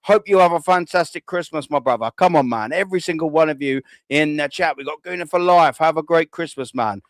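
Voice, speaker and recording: A man hosting a live fan show, giving loud, boisterous shout-outs with plenty of swearing. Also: on the high side, fairly quick, dry recording.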